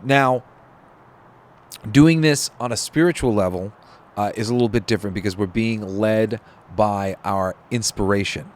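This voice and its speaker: A man's voice: fairly low pitch, moderate pace. Rambling male podcast host. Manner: rambling, self-deprecating, many restarts. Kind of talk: casual spiritual talk.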